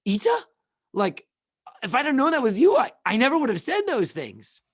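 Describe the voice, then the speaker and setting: A man putting on the voice of an apologetic female school secretary, gushing in a high voice. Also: huge pitch swings, fairly quick, breathy edge, full character voice. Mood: embarrassed.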